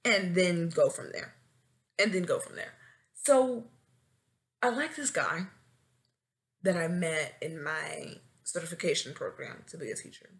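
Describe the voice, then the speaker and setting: A woman's voice: fairly low pitch, lively intonation, measured pace, long pauses. A woman in her twenties, a new teacher, chatting casually on her solo podcast and breaking into dramatic comic wails. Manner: dramatic, swings into wailing and shouting for comic effect. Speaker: podcast host.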